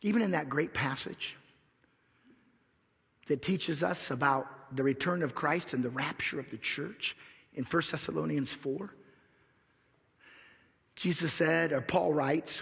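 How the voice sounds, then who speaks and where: Husky, gravelly-voiced pastor preaching. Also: male voice, on the high side, fairly bright tone. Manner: repeats key lines slowly for emphasis, drops to a whisper. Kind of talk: sermon. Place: church sanctuary. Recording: dull lo-fi recording in a reverberant church hall.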